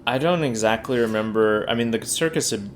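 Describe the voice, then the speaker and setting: A man's voice: mid-range voice, brisk, slight background noise. A man co-hosting a casual book podcast, talking hesitantly with many fillers and restarts. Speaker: podcast co-host.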